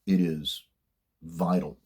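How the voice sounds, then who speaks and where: A man's voice: low-pitched, level tone, slow pace, a little mellow, slightly rough. An older man giving blunt, plainspoken career advice in a casual monologue, swearing freely as he tells stories from his working life. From United States.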